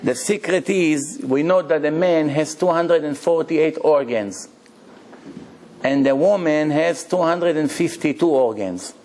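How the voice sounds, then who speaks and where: A man delivers a Torah lecture as a rabbi, with a voice pitched a little high for a man. He tells stories with energy and keeps asking his listeners questions. His English has the grammar slips of someone who did not learn it first. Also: measured pace, a little hiss or hum. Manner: animated storytelling with rhetorical questions; non-native English grammar.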